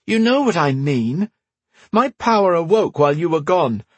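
Whiny 14 yr old boy done by a man, pitched way up, lively, kinda husky, dry audiobook sound. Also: normal speed, no room sound. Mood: whiny, eager. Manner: high pleading whine. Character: whiny fourteen-year-old boy, eager and pushy.

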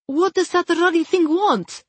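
A woman's voice: mid-range voice, big pitch swings, takes it slowly, husky, no room sound, exaggerated voice. Hamid, a woman voicing a blunt, swearing fighting man. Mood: angry. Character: gruff, hot-tempered fighting man. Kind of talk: audiobook narration.

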